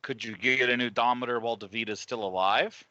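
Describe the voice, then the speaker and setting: A man playing a tabletop role-play game, talking in a calm, reassuring way. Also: medium pitch, a little fast, dry recording. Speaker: player. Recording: dull dry mic.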